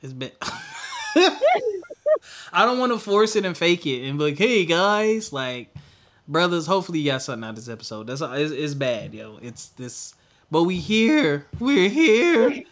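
A young adult man co-hosting a podcast, venting candidly in casual chat and trailing off into quiet mutters. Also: fairly high pitch, big pitch swings, moderate pace. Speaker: podcast co-host.

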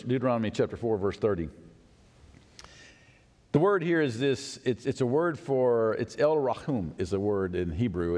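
Animated preacher in a reverberant sanctuary. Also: male voice, medium pitch. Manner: animated preaching, swinging from loud to hushed. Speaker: pastor. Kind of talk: sermon. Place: church sanctuary. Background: congregation responses.

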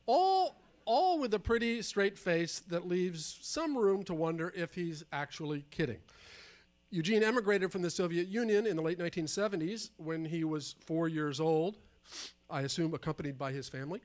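Radio host guy introducing a comic, high voice, dry measured read. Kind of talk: scripted stage introduction. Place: live performance space on stage.

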